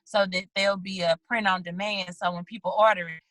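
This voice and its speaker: Bright-voiced woman on a video call. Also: mid-range voice, fairly quick, no room sound, low-quality recording. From St. Louis, USA. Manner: animated storytelling, acts out little quoted lines. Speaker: guest, children's book author. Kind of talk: casual video-call interview.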